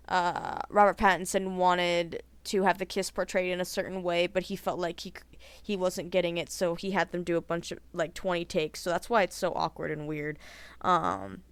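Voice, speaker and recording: A woman chatting in a casual vlog, animated and talkative, filling her speech with "like" and laughing at her own opinions. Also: lowish voice, clean tone, no room sound. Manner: chatty and animated, heavy use of "like". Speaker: vlogger.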